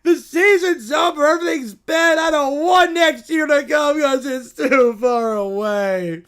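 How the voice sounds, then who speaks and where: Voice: extremely high pitch, a little slow, darkish tone. A streamer voicing a whiny toy bear, a football fan who sobs and wails over a loss, in a comedy skit on a live stream. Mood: wailing. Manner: sobbing, wailing complaints.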